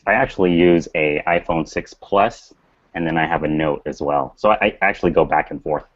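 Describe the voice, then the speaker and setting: A man guesting on a web chat, calm and plain-spoken. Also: rumbling low, fairly quick, dull audio. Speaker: guest artist. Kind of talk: casual chat.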